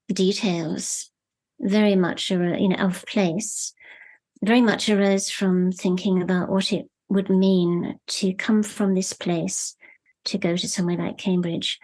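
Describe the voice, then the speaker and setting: Thoughtful woman novelist, low-pitched. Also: darkish tone. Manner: thoughtful, measured, searching for words. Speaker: novelist guest. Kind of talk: reflective interview conversation.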